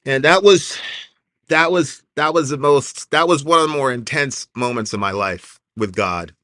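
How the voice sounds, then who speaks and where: A man in an interview earnestly telling a personal faith story, halting and restarting often with "like" fillers. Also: medium pitch, pushed and bright, dry recording, clean studio sound. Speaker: interview guest. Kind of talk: emotional personal testimony.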